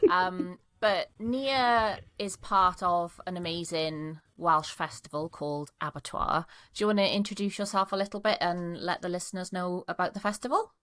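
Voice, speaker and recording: A woman's voice: lowish voice, normal speed, few pauses, a bit bright. A woman hosting a podcast in casual interview chat, enthusiastic and sweary, just getting over a cold. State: recovering from a cold. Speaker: podcast host.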